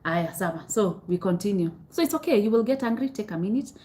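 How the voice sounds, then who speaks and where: A young woman with a Kenyan accent talks to viewers on a live stream in a candid, chatty way. She answers their comments, keeps coming back to the same advice and slips Swahili phrases into her speech. Her pitch sits in the middle range. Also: animated, quick pace, dark tone, slight background noise. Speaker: host of a live self-help session.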